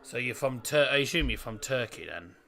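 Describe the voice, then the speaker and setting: A man's voice: mid-range voice, a little fast. A young man hosting a live football watchalong, reading chat and reacting to the match. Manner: excitable, rises to shouts at chances; fumbles over name pronunciations.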